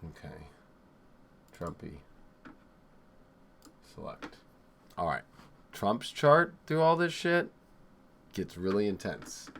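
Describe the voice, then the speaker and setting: A man hosting a live astrology show, talking in a rambling, excitable and profane way, swinging from loud outbursts to low mutters. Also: creaky, a little hiss or hum. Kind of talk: live-streamed casual astrology talk.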